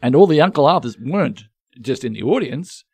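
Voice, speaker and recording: A man's voice: medium pitch, animated, brisk, darkish tone, slightly rough, dry recording. An Australian man co-hosting a podcast, telling rambling, self-deprecating stories in casual comedic chat with lots of restarts. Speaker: podcast co-host.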